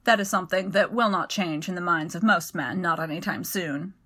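A woman reading as a rough, wry male servant. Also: high voice. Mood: dry, steady. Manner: dry, measured, quietly bitter. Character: rough-voiced former servant man, wry and commanding.

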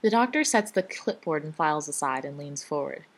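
A woman reading a fan-written story aloud in a dry, even storytelling manner. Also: low voice, fairly quick. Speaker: fan fiction reader.

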